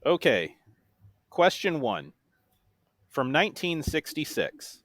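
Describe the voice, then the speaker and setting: A man hosting a trivia round on a podcast, reading song lyrics in a deliberate flat monotone. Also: medium pitch, no room sound. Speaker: guest quiz host. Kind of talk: reading quiz questions.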